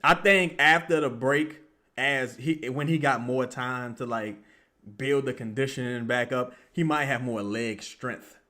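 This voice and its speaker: A young man with a medium-pitched voice streams live fan commentary on a basketball game at a measured pace. He is excitable and profane, often bursting into yells at the players.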